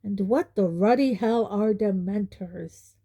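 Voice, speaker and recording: A loud, blustering middle-aged uncle with a bullying bark, as a woman reading an audiobook puts him on. His voice sits a little raised and dark, and his lines come slow and heavy. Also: mid-range voice, lo-fi sound.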